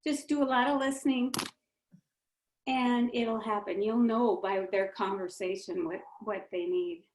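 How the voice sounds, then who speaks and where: A woman trainee on a group coaching call, chatty and excitable as she shares her experience. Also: mid-range voice, measured pace. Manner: chatty, excitable, tells stories. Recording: echoey room.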